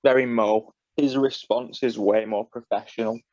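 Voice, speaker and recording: A man's voice: mid-range voice, fairly even intonation, normal speed, dark tone, no echo, lo-fi sound. A man co-hosting a podcast, talking in a loose, rambling way with many fillers. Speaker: podcast co-host. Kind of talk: casual chat.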